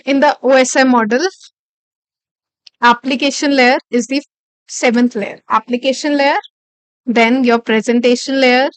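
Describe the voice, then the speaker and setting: A woman's voice: high-pitched, steady tone, measured pace, long pauses, smooth, no room sound. A woman instructor giving a live online lecture, explaining step by step, repeating key phrases and checking in with "okay".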